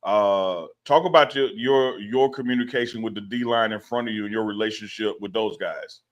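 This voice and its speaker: A man's voice: fairly low pitch, moderate pace. Male co-host with Southern slang, playful and joking. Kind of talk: casual sports talk.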